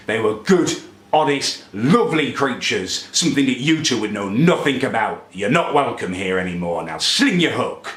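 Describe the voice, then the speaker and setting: Recorded in a room with noticeable echo, a male comedy vlogger in character launches into an angry, self-important rant at the camera. His voice sits mid-range and sounds a bit bright.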